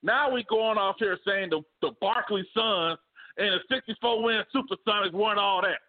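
A man co-hosting a casual sports debate, animated and slangy, laughing often. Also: sits high, moderate pace. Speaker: podcast co-host. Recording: phone-like remote call audio.

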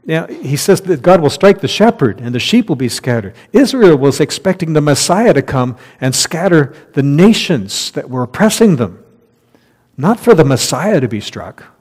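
A man's voice: fairly high pitch, very animated, normal speed, darkish tone, breathy edge. A man preaching a conversational sermon as pastor, reading scripture aloud and laughing at his own slips. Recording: long hall reverb.

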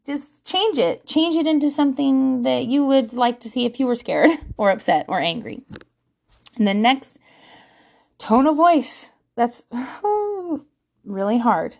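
A woman's voice: mid-range voice, expressive, unhurried, a little mellow. A woman in her thirties, chatting casually to camera as a parenting vlogger, self-mocking and laughing often.

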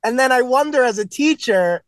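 A man's voice: very high voice, expressive, normal speed, no echo. A young man and substitute teacher telling blunt, profane stories on a casual podcast, acting out what the kids said. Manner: blunt, profane storytelling, acts out kids' lines.

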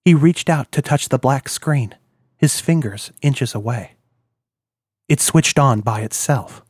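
A man reading an audiobook in a measured, descriptive manner. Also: mid-range voice, a little mellow, husky, no echo, clean studio sound. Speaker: audiobook narrator. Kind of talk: scripted narration.

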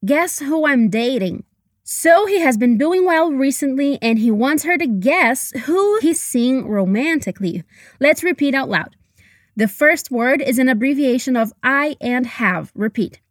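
A woman teaching English, leading slow repeat-after-me drills and coaching pronunciation in a careful, encouraging way. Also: sits high, lively intonation, dry recording, studio quality.

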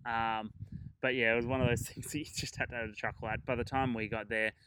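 A man's voice: medium pitch, little pitch movement, fast talker, a bit bright, clean tone, poor audio. A man hosting a travel podcast, chatting casually and rambling through his trip stories with fillers and chuckles.

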